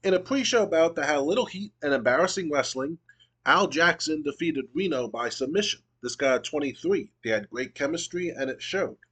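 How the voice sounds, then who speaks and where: A man giving casual commentary on a wrestling management game he plays, reading out match results in a relaxed way with some fillers. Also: fairly high pitch, brisk, husky. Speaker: video game booker.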